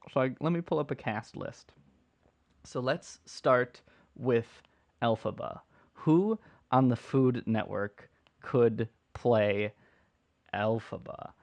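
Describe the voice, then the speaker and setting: A man hosting a casual, unedited livestream chat, answering viewer questions in a rambling, playful way and often restarting his sentences. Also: mid-range voice.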